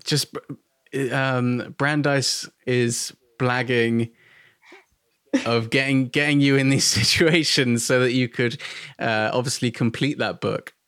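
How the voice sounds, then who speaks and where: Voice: mid-range voice, steady tone, takes it slowly, fairly bright tone, smooth, no room sound. Laid-back podcast host, dry sound. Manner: laughs often, loose and chatty. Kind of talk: casual podcast chat.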